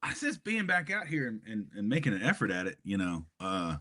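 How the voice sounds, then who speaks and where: A man's voice: fairly low pitch, wildly swooping pitch, a little fast, sharp tone. A man from Hawaii chatting casually on a podcast, telling a rambling story with lots of fillers and chuckles. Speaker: podcast co-host. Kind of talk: casual chat.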